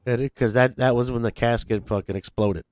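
Smooth-voiced man rambling through a story. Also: mid-range voice, fairly quick, no echo. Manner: rambling, profane, excitable storytelling. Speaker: podcast co-host. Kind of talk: casual chat.

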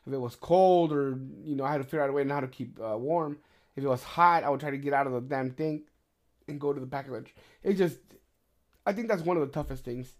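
A middle-aged man hosting a podcast, telling stories in casual chat, swearing often and getting animated. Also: medium pitch, fast talker. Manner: profane, animated storyteller. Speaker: podcast host.

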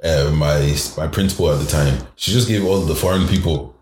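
A man's voice: rumbling low, brisk, a little mellow, roomy sound, slight background noise. A young man from Ireland chatting casually, rambling with many restarts and slang fillers. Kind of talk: casual podcast chat.

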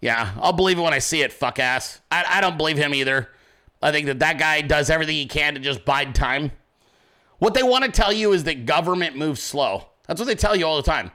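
A man's voice: fairly high pitch, lively intonation, brisk, bright, forceful tone. A man hosting a political commentary show, ranting angrily and sarcastically with constant profanity.

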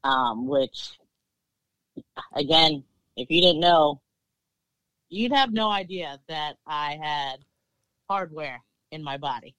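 A woman's voice: low-pitched, lively intonation, slow, pauses often, fairly bright tone, no echo, low-quality recording. A woman with a Southern US accent chats as a podcast guest. She talks loosely, with plenty of "um" and "you know", and laughs often. The sound is close and dry, with no room around it. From Maryland. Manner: chatty, laughs often, lots of fillers. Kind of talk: casual interview chat.

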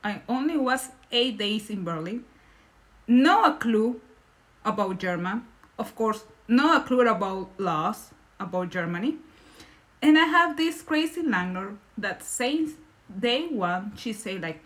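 Animated woman, high-pitched. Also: unhurried. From Nicaragua. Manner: animated, laughing, non-native English phrasing. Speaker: podcast guest. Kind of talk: casual storytelling in conversation.

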